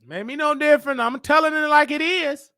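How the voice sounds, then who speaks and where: A man hosting a show, telling a church story in a dramatic, preacher-like way that rises to shouts. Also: very high-pitched, fairly even intonation, a little fast. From Chicago. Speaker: show host. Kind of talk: animated storytelling monologue.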